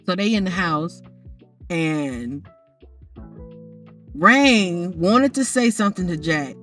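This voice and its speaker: Soft music runs beneath a woman's slow, animated, lowish voice as she comments casually on a life-simulation game, sitting far from the microphone. Chatty and gossipy, she ribs the characters and talks right to them as she narrates.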